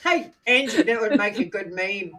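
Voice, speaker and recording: A woman's voice: medium pitch, lively intonation, fairly bright tone. A woman from New Zealand with a Scottish-tinged New Zealand accent, chatting playfully on a live stream. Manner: playful, teasing, quick to laugh. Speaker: guest. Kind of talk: casual live-stream chat.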